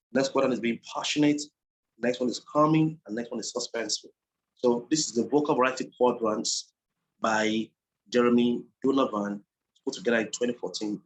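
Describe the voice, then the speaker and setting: Male speaking coach, mid-pitched voice, earnest lecture delivery that stresses key phrases by repeating them. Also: rough recording. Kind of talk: teaching a presentation class.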